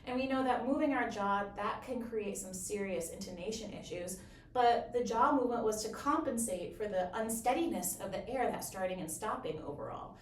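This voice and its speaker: A woman explaining bassoon technique in a clear, encouraging, step-by-step way. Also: moderate pace, slight background noise. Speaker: bassoon teacher. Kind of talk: instructional explanation. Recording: roomy echo, from a distance.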